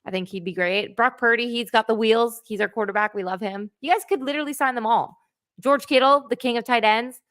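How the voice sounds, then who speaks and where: A woman's voice: a little high, a little fast, fairly bright tone, no room sound, clean studio sound. A woman, chatting on a livestream, enthusiastic and talkative, laughing often. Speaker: guest co-host. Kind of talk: livestream chat.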